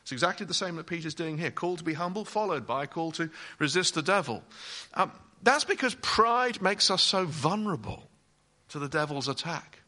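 A male preacher delivering a sermon with a bright, ringing voice that swings widely in pitch. He is emphatic and speaks directly to his listeners, asking them questions as he goes. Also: animated, normal speed.

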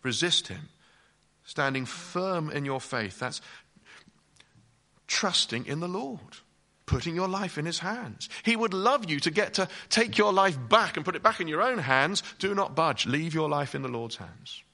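A male preacher delivering a sermon with a bright, ringing voice that swings widely in pitch. He is emphatic and speaks directly to his listeners, asking them questions as he goes. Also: lively intonation, unhurried.

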